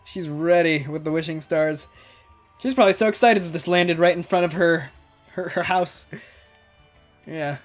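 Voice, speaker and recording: A man in his twenties giving rambling, casual commentary while playing a video game. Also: sits high. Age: 20s. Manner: chatty, rambling, laughs often. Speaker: gaming video creator. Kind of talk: casual let's-play commentary.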